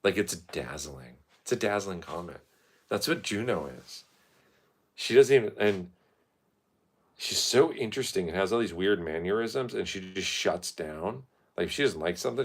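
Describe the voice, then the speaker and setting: A man's voice: low voice, animated, moderate pace, husky. A man vlogging in a loose, meandering monologue, swearing freely and filling gaps with "like" and "you know". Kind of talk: rambling casual monologue.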